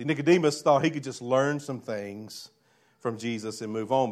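A pastor preaching a sermon, swinging between loud emphatic lines and quiet low ones while asking the congregation rhetorical questions. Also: male voice.

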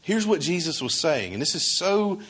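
A man's voice: fairly high pitch, sing-song, moderate pace, a bit bright, husky. A male pastor preaching a sermon in a conversational way, asking his congregation questions and acting out quoted dialogue.

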